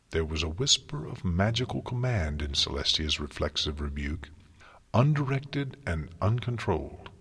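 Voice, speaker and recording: A man reading a story aloud in a slow, measured narration style. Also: low-pitched, fairly bright tone, breathy edge. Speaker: audiobook narrator. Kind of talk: scripted fan fiction narration. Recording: long hall reverb.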